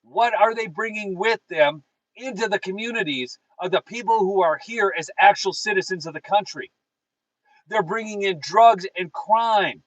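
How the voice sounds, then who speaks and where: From behind the wheel of his car, a political talk show host with a high, fairly bright voice runs a live show, fired up and preachy as he speaks directly to his audience and reads their chat messages. There is no room sound, and the audio is poor.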